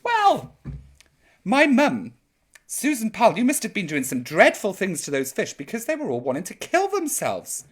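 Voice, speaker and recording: A man's voice: sits high, huge pitch swings, normal speed, breathy edge. A man hosting a live chat show as a drag grandma persona, reading viewer comments in a camp, theatrical, mock-offended and bawdy way.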